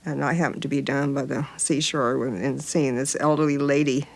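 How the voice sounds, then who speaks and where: A woman with a very low voice tells a wry story in a documentary interview. She hesitates now and then and speaks as a smoker. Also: fairly even intonation, normal speed, vocal fry.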